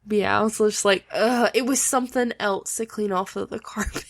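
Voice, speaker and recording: A young woman co-hosting a podcast, telling home stories in lively casual chat, often laughing. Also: mid-range voice, a little fast, vocal fry. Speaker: podcast co-host.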